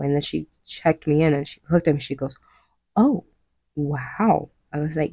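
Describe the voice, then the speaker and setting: A woman's voice: deep voice, unhurried, dark tone, dry recording. A young woman chatting casually while she paints, rambling, with lots of fillers and little laughs. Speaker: craft vlogger.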